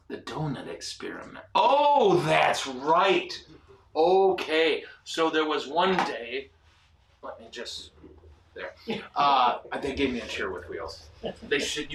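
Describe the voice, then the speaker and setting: A man hosting a casual ministry show, telling animated, self-deprecating stories with lots of fillers. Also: medium pitch, roomy sound, far from the mic, a little hiss or hum. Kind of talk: casual storytelling chat. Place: ministry studio.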